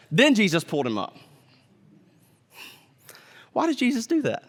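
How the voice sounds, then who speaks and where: A man's voice: high voice, wildly swooping pitch, moderate pace, pauses often, fairly bright tone, long reverb tail. A man preaching a sermon as pastor, in a conversational way, sometimes acting out the people in the story. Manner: conversational preaching, acts out voices.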